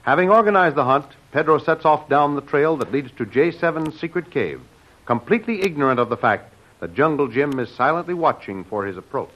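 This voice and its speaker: A man's voice: on the high side, lively intonation, a little fast. Muffled 1940s radio announcer, a man. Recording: muffled old radio transcription.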